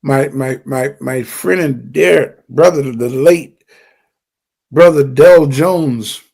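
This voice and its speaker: A man's voice: mid-range voice, takes it slowly, creaky, a little mellow, husky. An older man giving an impassioned livestream teaching in a fervent, preachy way, often stammering and repeating words.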